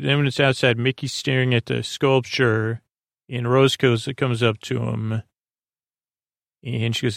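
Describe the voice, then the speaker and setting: A man hosting a podcast, casually retelling a TV episode scene by scene, quoting characters and filling pauses with "uh". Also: medium pitch, flat delivery, creaky, no room sound, clean studio sound. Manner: retells scenes with quoted lines and many "uh" fillers. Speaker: podcast host.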